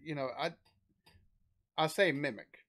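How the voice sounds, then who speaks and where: A man's voice: on the high side, unhurried, a bit bright. Rambling man reacting. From Southern United States. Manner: rambling, with frequent restarts and fillers. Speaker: reaction video host. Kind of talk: casual reaction commentary.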